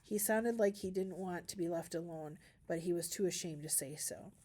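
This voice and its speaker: A woman reading a novel aloud for a school class, narrating calmly with small shifts of voice for the characters. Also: on the low side, normal speed. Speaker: reader.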